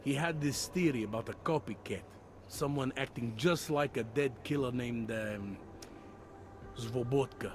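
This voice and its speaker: An actor playing a world-weary middle-aged police detective in a video game, dry and matter-of-fact. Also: male voice, mid-range voice, unhurried, background noise, lightly acted. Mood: stern.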